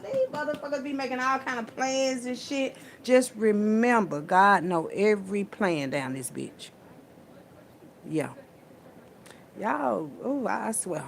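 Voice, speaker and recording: A woman's voice: fairly high pitch, normal speed, a little hiss or hum. A woman, preaching casually and profanely into her phone in a spiritual vlog. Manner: animated, preachy, profane, Southern US slang.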